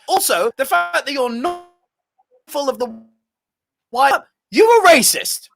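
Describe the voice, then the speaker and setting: Lively, swearing man. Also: slow pace, gravelly, long pauses. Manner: animated, profane storytelling; swings between loud and low tones. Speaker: podcast co-host. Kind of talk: casual film podcast chat.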